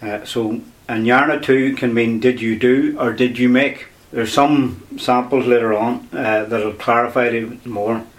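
A man's voice: medium pitch, fairly even intonation, a little slow. A man teaching a language lesson on air, explaining patiently step by step and repeating key words.

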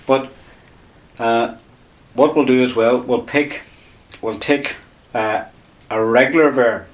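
A man's voice: medium pitch, steady tone, takes it slowly. A man teaching a language lesson on air, explaining patiently step by step and repeating key words.

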